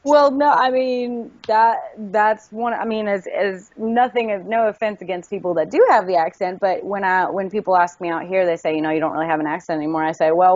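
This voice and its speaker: A woman's voice: mid-range voice, brisk, few pauses, no echo. A young woman from Tennessee with a faint Southern accent, chatting as an actress guest in an interview and acting out her stories as she tells them. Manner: animated storyteller, acts out quotes. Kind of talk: casual interview chat. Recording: dull lo-fi audio.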